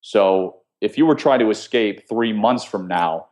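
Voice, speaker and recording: A man with a somewhat low voice talks as a guest in an interview. He explains escape tactics in a steady, instructive way. He builds each point around practical examples. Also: a little slow. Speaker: guest, former CIA officer teaching escape skills. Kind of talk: conversational interview.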